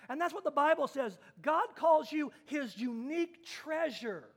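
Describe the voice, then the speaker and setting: A man's voice: extremely high pitch, animated, a little slow, fairly bright tone. A man preaching a sermon as pastor, building his points through emphatic repeated phrases and plain everyday illustrations.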